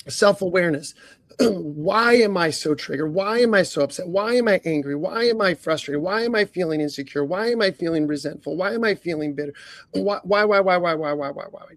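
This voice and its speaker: A man co-hosting a leadership coaching podcast, earnest, stacking up rhetorical questions and often clearing his throat. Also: a little high, no room sound.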